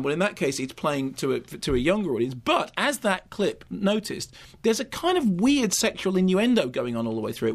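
A man reviewing a film on a radio show, talking fast and rambling with many restarts. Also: fairly high pitch. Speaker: film critic.

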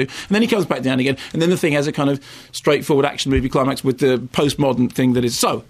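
A man's voice: medium pitch, quick pace, few pauses. A middle-aged British man reviewing a film on the radio, ranting and rambling with many asides. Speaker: film critic.

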